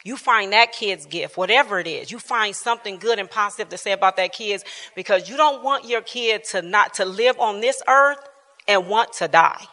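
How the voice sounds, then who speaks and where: Bright-voiced woman teaching in a reverberant church hall. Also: medium pitch, moderate pace. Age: 50s. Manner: earnest, animated, laughs often, informal speech. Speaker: Bible class teacher. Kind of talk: candid personal storytelling in a church class.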